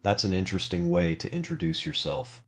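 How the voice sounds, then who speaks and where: Low, husky man asking puzzled questions. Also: very animated, a little fast, faint music behind.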